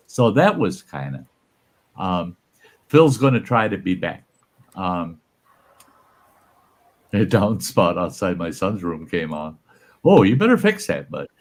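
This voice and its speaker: A man casually telling a salty, folksy story, voicing the people in it with lively shifts. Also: low-pitched, takes it slowly, pauses often. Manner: folksy, salty, animated when quoting others. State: undergoing cancer treatment. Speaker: channel host telling stories.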